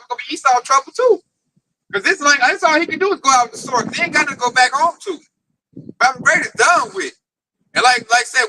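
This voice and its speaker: Male camp teacher, high-pitched and bright, animated storyteller. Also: a little hiss or hum, rough recording. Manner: excitable, storytelling with quoted voices. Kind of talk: informal religious teaching.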